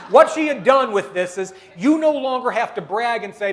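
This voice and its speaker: A keynote speaker with a notably high voice for a man, telling workplace anecdotes to a dinner crowd. He acts out each person's lines with lively turns and punchlines. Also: fast talker, few pauses. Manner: animated storyteller acting out dialogue. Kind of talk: storytelling business talk. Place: dinner meeting room.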